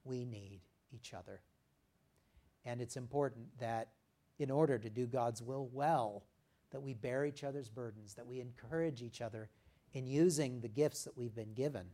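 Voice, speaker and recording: A man preaching a sermon in an easygoing, conversational voice of middle pitch. He reads scripture, then talks it through with the congregation, pausing on the odd "uh." His voice lifts to stress a point and falls quiet as a phrase closes. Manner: reads scripture aloud, then explains it in a conversational way with frequent "uh" pauses; dynamic delivery, rising for emphasis and dropping very soft at the ends of phrases. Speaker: pastor.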